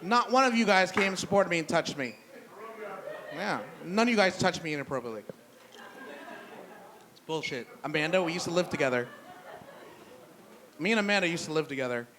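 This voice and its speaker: A man doing a stand-up comedy set in a brewery, blunt and profane with a deadpan delivery. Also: on the high side, a little fast, pauses often. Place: brewery venue with live audience. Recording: noisy live room.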